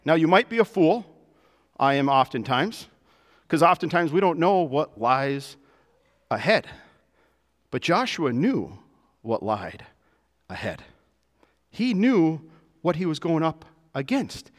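A man preaching a sermon to his church, with animated delivery that rises and drops to soft, emphatic lows. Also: takes it slowly, pauses often, big-room sound. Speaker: pastor.

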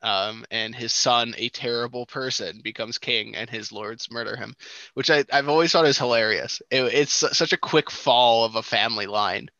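A man co-hosting a casual chat about a movie, explaining his points in a quick, amused way. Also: mid-range voice, bright, forceful tone, dry recording. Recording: dry, dull lo-fi sound.

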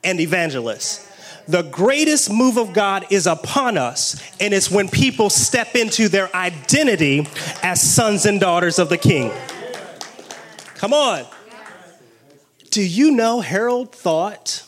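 High-pitched preacher guy getting all fired up, shouting out to the crowd. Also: measured pace. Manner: excitable, call-and-response preaching with exclamations. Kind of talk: sermon.

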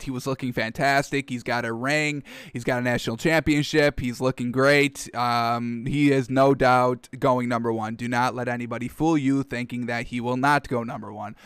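A young American man hosting a casual football chat, reacting excitedly to highlight clips and calling his viewers folks. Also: smooth, no room sound, studio quality. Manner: excitable, laughs often, addresses viewers as folks. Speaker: sports commentator host.

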